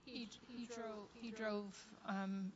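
Slow-talking woman, muffled recording. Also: on the high side, steady tone. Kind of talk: church testimony.

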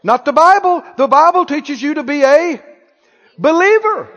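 A man's voice: very high-pitched, animated, moderate pace, fairly bright tone. Male preacher, playful and emphatic, in an echoey hall with a dull recording. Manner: rhetorical questions, playful and emphatic. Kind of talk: sermon.

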